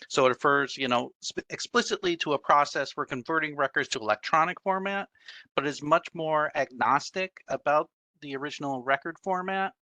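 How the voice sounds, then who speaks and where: A man answering as an expert panelist in an online webinar, measured and explanatory, speaking into a computer mic on a video call. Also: a little high, pushed and bright, dry recording. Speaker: panelist, records imaging expert.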